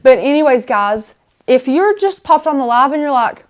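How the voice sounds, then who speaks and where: A woman chats her way through a live craft tutorial. Her voice sits a little high, and she rambles happily from one thing to the next while she works. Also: animated, moderate pace. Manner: chatty, bubbly, rambling. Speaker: host of a craft live stream.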